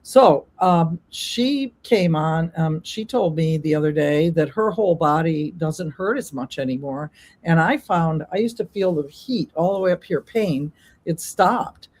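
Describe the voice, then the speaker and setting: A woman's voice: deep voice, expressive, unhurried, a little mellow. An older woman sharing her own experience as a guest, rambling and chatty with many ums. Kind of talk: casual testimony.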